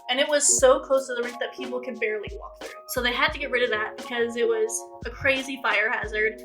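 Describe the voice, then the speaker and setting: A woman's voice: a little high, pushed and bright, rough recording. A young woman hosting a video, ranting casually and incredulously with lots of swearing as she reacts to her old clips.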